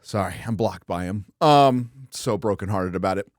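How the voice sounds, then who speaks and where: A man's voice: fairly low pitch, moderate pace, no room sound, studio quality. A man in his fifties from Southern California, hosting a casual livestream chat in a loose, joking, crude manner, often trailing into filler words. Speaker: host.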